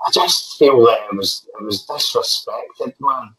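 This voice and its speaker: Animated Scottish man, repeats himself. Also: mid-range voice, measured pace, a crowd in the background, rough recording. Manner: animated, repeats phrases, swears, ends lines with "man". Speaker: actor guest. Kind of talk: casual podcast interview.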